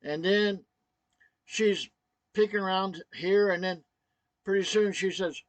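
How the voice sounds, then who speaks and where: Brief: choked-up man vlogging a personal story, halting with many restarts, slightly high, dry. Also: steady tone, no echo.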